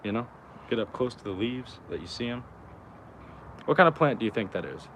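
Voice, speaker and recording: A young adult man vlogs outdoors, rambling to camera about spirituality at a fairly quick pace. His medium-pitched voice is expressive and a bit bright, his loose slang is packed with "like" and "you know" plus frequent swearing, and there's slight background noise.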